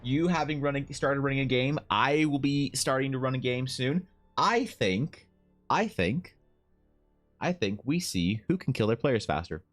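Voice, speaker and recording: While drawing on a live stream, a man reads viewers' messages and chats casually, joking and teasing with swings in pitch. He talks at a moderate pace with few pauses, and faint music plays behind him.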